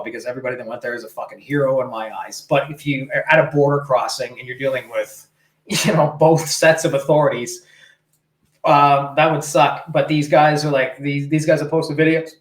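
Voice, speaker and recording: A man's voice: medium pitch, a bit bright, roomy sound, poor audio. A man from Canada co-hosting a casual political podcast, rambling and emphatic, swearing freely. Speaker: podcast co-host.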